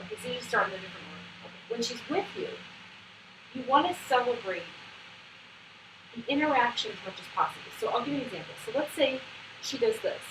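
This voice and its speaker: A woman trainer talks quickly and brightly, scattering "like" through her coaching. She sounds a little high. The recording is distant and roomy, with steady noise behind her. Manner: brisk, chatty, full of "like" fillers. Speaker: trainer of autism program volunteers. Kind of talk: hands-on instructional coaching. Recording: echoey room, distant mic, background noise.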